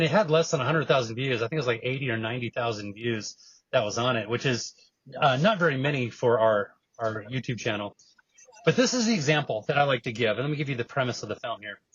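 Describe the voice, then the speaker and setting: A man's voice: mid-range voice, breathy edge, dry recording, muffled recording. A man guesting on a podcast, telling stories and making his case in an earnest, emphatic way. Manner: animated storyteller, earnest and emphatic. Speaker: guest, evangelist and film producer. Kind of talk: storytelling interview answer.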